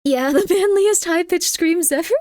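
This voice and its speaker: Brief: female streamer, high voice, animated rambling reactions, dry close mic. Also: moderate pace, no echo. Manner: animated, rambling, laughing commentary. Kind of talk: casual reaction chat.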